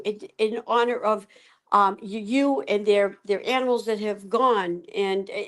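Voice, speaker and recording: An older woman who runs an animal rescue, speaking on a video call, excitable and repeating herself. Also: medium pitch, unhurried. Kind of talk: casual chat on a video call.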